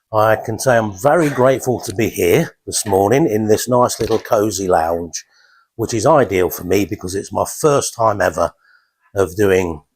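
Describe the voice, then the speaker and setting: Slow-spoken middle-aged man giving a talk. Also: on the low side, husky. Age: 50s. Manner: halting, many restarts and fillers. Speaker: speaker giving his first talk. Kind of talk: informal talk to a small audience. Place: small cozy lounge.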